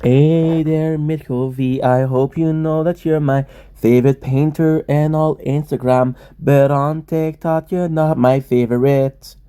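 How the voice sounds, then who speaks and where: A man's voice: a little high, fairly even intonation, unhurried, dark tone, clean tone. A man streaming and chatting casually, joking around in profane, rambling banter. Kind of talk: casual chat.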